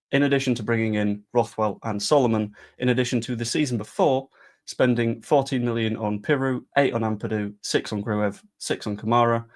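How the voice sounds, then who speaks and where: A man talking casually about football transfers, chatty and sarcastic. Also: medium pitch. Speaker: football fan vlogger. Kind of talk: casual live-stream chat.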